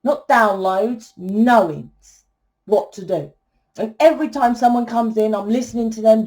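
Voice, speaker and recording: A woman's voice: a little high, normal speed, a little mellow. Blunt, swearing tarot-reading woman. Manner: blunt, swears freely, fiery. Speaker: tarot reader. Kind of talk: ranting tarot reading monologue.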